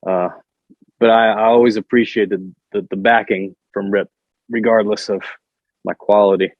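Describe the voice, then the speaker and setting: A man's voice: on the low side, fairly even intonation, normal speed, dry recording, lo-fi sound. A man guest telling wrestling stories in casual chat, often stumbling and repeating words as he starts a sentence. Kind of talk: casual storytelling on a podcast.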